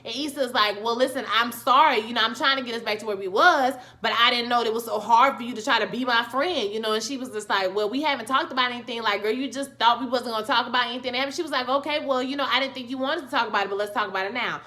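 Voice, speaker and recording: A woman with talks through a TV episode recap in a lively, sassy way. Her voice sits high and bright. She exclaims freely and speaks straight to her viewers. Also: quick pace, few pauses. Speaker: YouTube TV recap host. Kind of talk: casual spoken show review.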